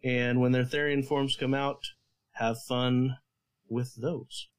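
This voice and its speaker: A man's voice: medium pitch, flat delivery, slow, smooth, poor audio. Hesitant male podcast co-host. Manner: hesitant, full of fillers. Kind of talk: casual podcast chat.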